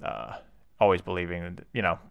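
Animated, rambling podcast guy. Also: sits low, normal speed, vocal fry, smooth, no room sound, muffled recording. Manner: rambling, laughs easily, lots of fillers. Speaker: board game podcast co-host. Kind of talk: casual chat.

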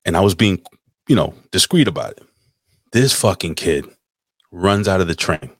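Deep-voiced man telling a profane story. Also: expressive, normal speed, a bit bright, no room sound, studio quality. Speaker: podcast host. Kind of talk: casual storytelling chat.

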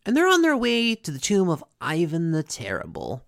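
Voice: medium pitch, wildly swooping pitch, normal speed, creaky, no echo, studio quality. A host casually recapping a cartoon episode, chatty, with many fillers and asides.

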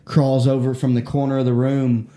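Flat in delivery and moderate in pace, a young man's mellow mid-range voice carries a long, rambling personal story told in casual chat. He's profane throughout and repeatedly starts his sentences over, with echo from the room audible.

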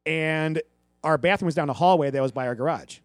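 A man's voice: on the high side, fairly quick, dry recording, clean studio sound. A man on a movie podcast, telling a childhood story in casual chat and acting out the voices of the people in it. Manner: animated storyteller who acts out voices.

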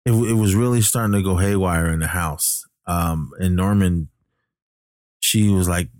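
A man's voice: sits low, unhurried, darkish tone, no room sound, clean studio sound. A man casually recapping a horror film, rambling and correcting himself with many fillers. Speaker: movie recapper.

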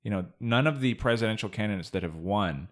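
Male co-host, low voice, blunt, profane, animated political banter. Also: fast talker. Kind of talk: casual political chat.

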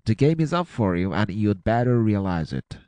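A man's voice: fairly low pitch, big pitch swings, normal speed, mellow, smooth, no echo, voice pushed up. A man voicing a commanding male Secret Service agent in a storybook reading, with urgent, clipped commands.

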